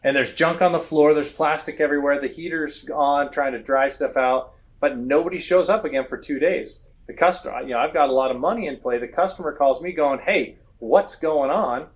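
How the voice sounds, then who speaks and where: Animated man telling customer stories. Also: on the high side, brisk, few pauses. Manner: animated storytelling, acts out customer voices. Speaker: guest, roofing software expert. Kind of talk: conversational business interview.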